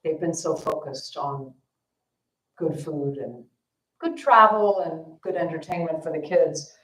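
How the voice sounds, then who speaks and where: A woman's voice: sits low, a little slow, a bit bright. Woman telling a story in an echoey hall. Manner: casual, self-deprecating, with fillers. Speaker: dharma teacher. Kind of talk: storytelling dharma talk. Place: temple hall.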